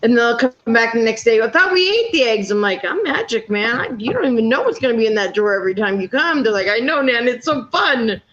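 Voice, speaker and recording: On a panel, a woman in her fifties chats casually, firing off blunt stories full of swearing. Her voice is fairly high and fairly bright, animated and fast, with few pauses. The audio is dull and lo-fi.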